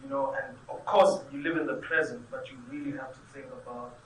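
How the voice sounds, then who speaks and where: A South African actor speaking reflectively in an interview, with many "you know"s. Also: male voice, fairly high pitch, sing-song, fairly quick, slight background noise. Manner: reflective, with frequent fillers. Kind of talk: conversational interview. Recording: echoey room, mic at a distance.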